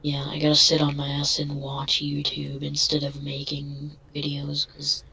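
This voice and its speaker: A man's voice: fairly high pitch, unhurried, vocal fry, slightly rough, poor audio. A man chatting casually on an online voice call, crude and sarcastic. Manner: crude, sarcastic, flat delivery. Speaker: guest.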